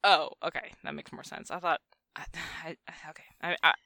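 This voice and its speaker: Bright-voiced chatty young woman podcaster. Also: low-pitched, brisk, vocal fry, dry recording. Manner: chatty, laughs often, animated. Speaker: podcast co-host. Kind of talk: casual chat.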